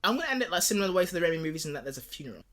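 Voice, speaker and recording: A man co-hosting a film podcast, pitching a movie plot in casual chat. He acts out the characters' lines in quick voices and laughs often. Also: sing-song, a crowd in the background. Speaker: podcast co-host.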